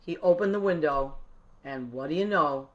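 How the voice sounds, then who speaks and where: Chatty woman host, lowish voice. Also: normal speed, dull audio. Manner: chatty, effusive, talks to viewers by name. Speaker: online radio show host; musician. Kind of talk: casual live-stream chat.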